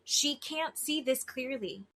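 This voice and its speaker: Listen for a woman podcast co-host with a higher, crisply bright voice. She states strong opinions in an easy, conversational way. Her tone is forceful and emphatic. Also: takes it slowly. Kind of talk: casual opinion chat.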